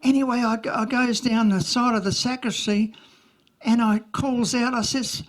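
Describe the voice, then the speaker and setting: A woman's voice: fairly high pitch, steady tone, normal speed, close to an everyday voice. A woman playing an earnest young schoolchild in a comic monologue, rambling with lots of "like" and childish grammar slips.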